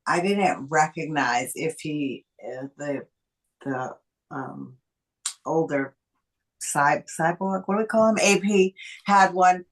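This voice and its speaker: A woman co-hosting a casual film discussion, speaking hesitantly with many pauses and fillers. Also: low-pitched, low-quality recording. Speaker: podcast co-host.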